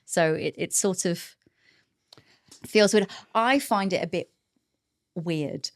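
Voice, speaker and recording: A woman co-hosting a podcast, talking casually and haltingly, often restarting her sentences. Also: on the low side, no echo, clean studio sound. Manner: hesitant, many restarts and fillers. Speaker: podcast co-host.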